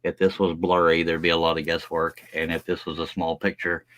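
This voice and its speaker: A man's voice: sits low, level tone, a little fast, a bit bright. A man streaming live from his workshop, talking in a chatty, folksy way as he draws a pattern. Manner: folksy, chatty, says y'all. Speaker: scroll saw pattern maker streaming live. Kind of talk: relaxed live-stream talk while working.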